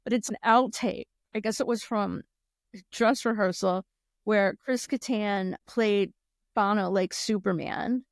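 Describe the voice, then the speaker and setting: A woman's voice: no room sound, studio quality. A woman co-hosting a casual podcast, chatty and laughing often as she recounts things. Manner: chatty, laughs often, quick shifts in pitch when quoting. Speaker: podcast co-host. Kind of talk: casual chat.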